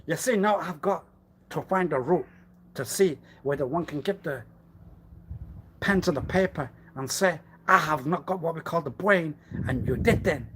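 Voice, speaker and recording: A fairly high-pitched man talks at normal speed over slight background noise during a livestream. He delivers a rambling, theatrical monologue of rhetorical questions and menacing threats, lurching from quiet mutters to loud outbursts.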